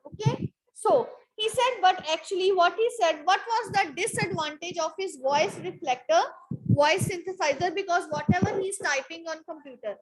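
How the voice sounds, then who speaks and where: A woman with a very high voice teaches a class. She reads a passage aloud, stops to explain what words mean and repeats phrases until they sink in. She drops "okay" between her points. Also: moderate pace, low-quality recording. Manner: explains word meanings, repeats phrases, says okay often. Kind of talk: classroom lesson explaining a text.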